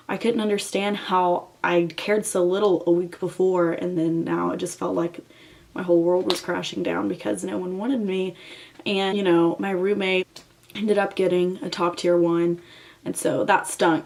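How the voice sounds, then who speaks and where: A woman's voice: on the low side, gravelly. A young woman telling a personal story to camera in a chatty way, full of fillers and emotional retelling. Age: young adult. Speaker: vlogger.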